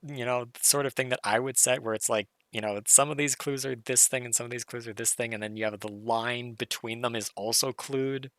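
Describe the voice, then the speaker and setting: A hoarse man solving a logic puzzle live, muttering through his reasoning and self-correcting as he goes. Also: medium pitch, steady tone, a little fast, pushed and bright, no echo, clean studio sound. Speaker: puzzle streamer. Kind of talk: thinking-aloud live puzzle solve.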